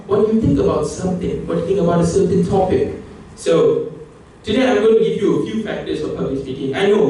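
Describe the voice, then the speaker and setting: A young man with a high voice delivers a joking, emphatic contest speech, now and then breaking into excited high outbursts. He is caught from well back in a very echoey hall, with faint room ambience behind him. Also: recorded from a distance. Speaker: public speaking contestant. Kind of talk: competition speech. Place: competition hall.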